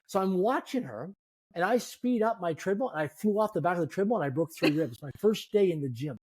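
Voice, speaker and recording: A man in his fifties, a guest telling animated, self-deprecating stories in a conversation. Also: high voice, a little fast, slightly rough. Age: 50s. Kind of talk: storytelling in a conversation.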